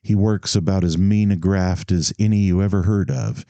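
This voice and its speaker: A man's voice: deep voice, normal speed, dark tone, no echo. A man voicing a shrewd, cheery, street-smart office boy who talks in eager slang. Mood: explaining.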